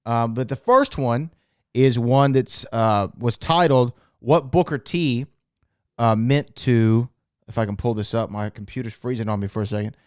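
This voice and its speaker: An upbeat man co-hosting a podcast, introducing clips and asking for reactions. His voice comes across smooth and resonant, recorded dry and close. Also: medium pitch, normal speed, no room sound. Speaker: podcast co-host. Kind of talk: casual chat.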